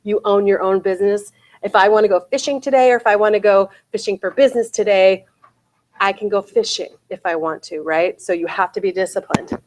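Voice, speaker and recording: A woman's voice: medium pitch, brisk, a little hiss or hum. Woman trainer checking in with her audience. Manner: checks in with the audience, asking "right?" and "okay?". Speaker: real estate sales trainer. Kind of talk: bootcamp seminar talk.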